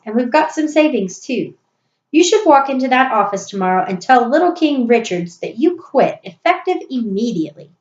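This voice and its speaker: A woman's voice: on the high side, voice pushed up, lightly acted. A woman voicing an impatient, fed-up wife who rants scornfully. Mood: insistent. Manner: ranting, scornful, emphatic. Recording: roomy, dull recording.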